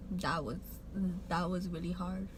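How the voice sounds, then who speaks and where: A woman's voice: medium pitch, noisy background. Earnest woman telling a personal story. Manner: rambling, heartfelt, many "like" fillers and restarts; emotional, getting choked up while recounting. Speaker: vlogger.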